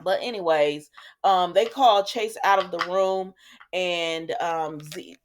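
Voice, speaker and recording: A woman's voice: on the low side, slow pace, slight background noise. A woman hosting a casual soap opera recap, chatty and sassy, talking back to the characters.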